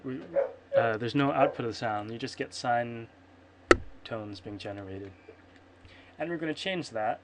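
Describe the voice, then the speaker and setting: Streaming his programming in a casual screencast, a man thinks aloud in a rambling, self-correcting manner, muttering to himself. His mid-range voice is measured and pauses often, and the computer microphone recording is very noisy with keyboard typing and clicks.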